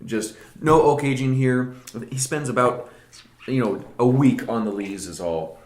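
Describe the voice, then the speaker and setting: A man's voice: medium pitch, measured pace, a little hiss or hum. Enthusiastic man tasting wine, echoey room. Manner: enthusiastic, animated, with laughter. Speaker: wine show co-host. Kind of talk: casual wine tasting chat.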